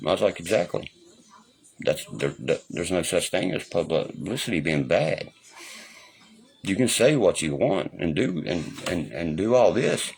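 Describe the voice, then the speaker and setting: A man's voice: on the low side, slight background noise. A man ranting angrily on a livestream, swearing constantly and taunting his critics. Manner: profane, combative, taunting. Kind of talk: angry livestream rant.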